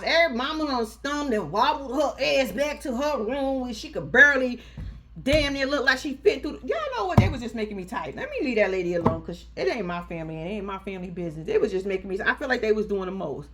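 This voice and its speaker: Talking fast in a higher voice over background noise, a woman gives a sassy, profane rundown of a reality TV episode. Her casual recap plays like animated storytelling as she acts out the people on the show.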